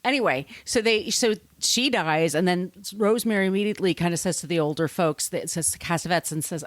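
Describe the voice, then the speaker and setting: A woman with a fairly low voice chats casually as a podcast co-host, retelling a story and dropping into quoted character lines. The sound is dry and close, with no room around it. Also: brisk, few pauses, no echo. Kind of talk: casual chat.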